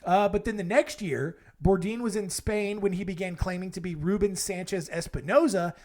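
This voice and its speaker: A man's voice: high voice, normal speed, a little mellow. A man hosting a comedy podcast who tells stories in a rambling, casual way with jokey asides and self-corrections. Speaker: podcast host.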